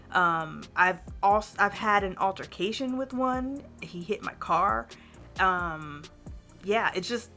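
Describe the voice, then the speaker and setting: A young woman chats candidly through a vlog update, talking in a loose, rambling way full of fillers. Her voice is bright and clear at a middling pitch. Soft music plays quietly behind her. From United States. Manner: candid, chatty, ranting, many fillers. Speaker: vlogger, teacher in Japan.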